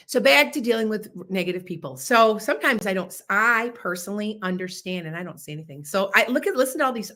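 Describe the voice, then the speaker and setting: Woman host in her fifties, loud, boisterous, casual live chat storyteller. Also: mid-range voice. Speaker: podcast host.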